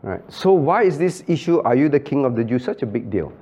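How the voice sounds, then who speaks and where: A man's voice: mid-range voice, very animated, fairly quick, dark tone. A man, a pastor, leading an interactive Bible study, calling on listeners by name, repeating phrases and acting out quoted dialogue.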